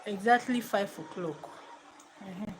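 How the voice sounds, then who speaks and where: A woman, a mother chatting casually to camera from her living room, reflective and quick to laugh. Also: mid-range voice, a little hiss or hum, rough recording. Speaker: mother and home vlogger.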